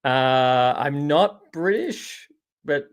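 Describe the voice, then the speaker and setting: This chatty Australian podcast host has a slightly high voice with lively intonation and drawn-out words. Live on air, he rambles about shows and games, responds to viewer comments, and says "mate" often.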